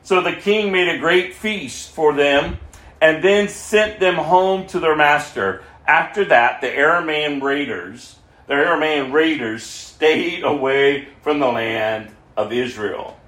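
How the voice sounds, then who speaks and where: A man's voice: fairly high pitch, slow, a bit bright. A man preaching a sermon, reading scripture aloud and breaking off with asides to the listeners. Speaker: pastor. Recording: roomy echo.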